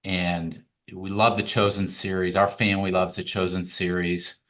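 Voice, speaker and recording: A man's voice: low voice, flat delivery, moderate pace, fairly bright tone. A man hosting a podcast interview, friendly and affirming as he asks his guest questions. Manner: friendly, affirming, with short backchannels. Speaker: podcast host.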